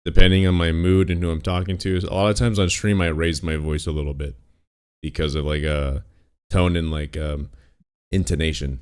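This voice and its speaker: A young man chatting casually on a livestream in a deadpan, joking way, sometimes dropping words even lower for laughs. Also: fairly quick, smooth.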